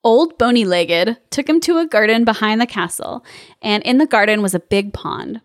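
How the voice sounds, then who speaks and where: A woman's voice: on the high side, animated, normal speed, no echo, studio quality. A young woman hosting a podcast, reading a fairy tale aloud with giggly, wry asides. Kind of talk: comic storybook reading with asides.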